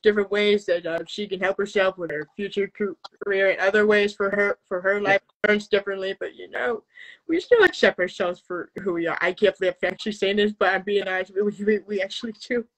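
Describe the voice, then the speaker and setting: A man voicing a high-pitched, halting puppet friend. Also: fairly bright tone, rough recording. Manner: halting, many restarts, emotional. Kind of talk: live puppet show chat.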